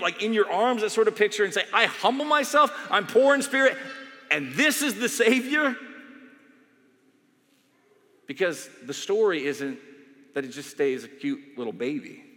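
A male pastor giving a sermon in a conversational, animated storytelling way, in a church sanctuary. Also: fairly high pitch. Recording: long hall reverb.

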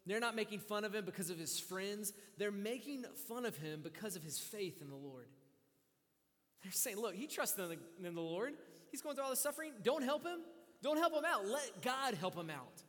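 A man preaching a sermon with passion, voicing a psalmist's pleas, moving between quiet, drawn-out lines and loud, urgent ones. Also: high-pitched, long reverb tail. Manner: impassioned, swings from hushed to loud. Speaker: pastor.

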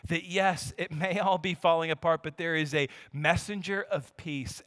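A man in his thirties preaching a sermon, moving from quiet scripture reading to animated, shouting family stories. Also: on the high side, clean tone, no room sound. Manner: animated storytelling, swings from hushed to shouting. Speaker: pastor.

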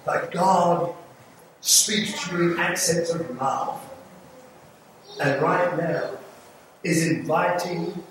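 A man's voice: on the high side, fairly even intonation, takes it slowly, long pauses. An older man with an English accent, preaching an earnest, pleading evangelistic sermon with light humour in a church sanctuary. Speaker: visiting evangelist. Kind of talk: evangelistic sermon with altar call. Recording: echoey church from a distance, noisy.

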